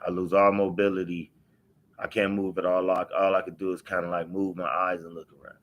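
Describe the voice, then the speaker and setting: A man from Los Angeles tells his own life story to the camera in a low, level voice that moves fairly quickly and sounds a bit bright. There's slight background noise as he speaks in unscripted, emphatic, profane fashion, repeating key phrases.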